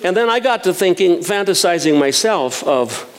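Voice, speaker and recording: A man's voice: high voice, expressive, normal speed. A man in his sixties preaching a sermon in a folksy, self-mocking way, chuckling at his own jokes.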